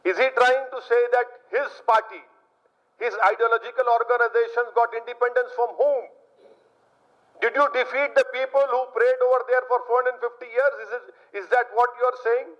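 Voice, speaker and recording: Man, Indian English accent, high voice, emphatic political statement, repeated refrains, muffled lo-fi audio. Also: little pitch movement, brisk.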